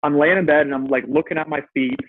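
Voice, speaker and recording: A man telling his story as an interview guest, animated and swearing freely, acting out his own past words. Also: on the high side, quick pace, a little hiss or hum. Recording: tinny phone-like line.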